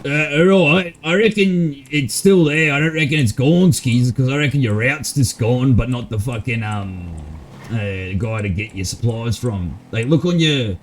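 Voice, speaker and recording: A man's voice: medium pitch, unhurried, few pauses, a little hiss or hum. A man chatting casually while streaming a roleplay game, slangy, swearing often and laughing easily.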